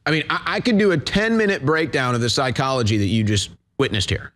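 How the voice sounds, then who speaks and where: A man's voice: medium pitch, fast, slight background noise. A man hosting a commentary show, ranting and mocking as his voice rises in heated bursts. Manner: ranting, mocking, rising to shouts. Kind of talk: political commentary rant.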